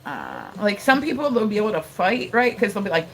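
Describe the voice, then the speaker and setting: A woman's voice: mid-range voice, wildly swooping pitch, a little fast, vocal fry, hardly any pauses, music in the background, poor audio. A woman live streaming in casual chat, rambling with lots of fillers, laughter and swearing.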